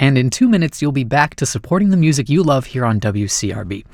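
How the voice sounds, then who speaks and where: A man announcing music and pledge reminders on a classical radio station, calm and measured. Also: a little high, no room sound, studio quality. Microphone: studio microphone.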